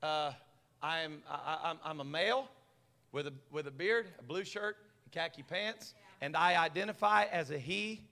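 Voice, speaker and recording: A man preacher mimicking a man in a training commercial who introduces himself haltingly, stammering through his description. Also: fairly high pitch, bright, forceful tone, in a large hall.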